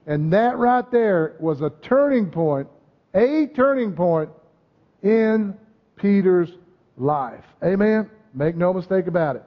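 A man preaching a sermon, emphatic, often asking the congregation "amen?" and "right?". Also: high-pitched. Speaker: pastor. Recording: dull muffled sound with long hall reverb.

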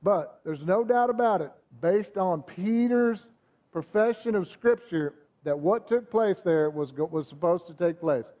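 A male pastor delivers a sermon in a relaxed, conversational way, checking in with the congregation. His voice sits high for a man. The recording sounds somewhat dull and muffled. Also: measured pace. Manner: conversational preaching, frequent "amen?" asides to the congregation.

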